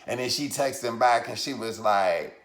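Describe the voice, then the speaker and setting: Animated male comedian telling a story. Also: moderate pace, echoey room. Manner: animated, swings loud and high with laughter. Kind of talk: comic storytelling.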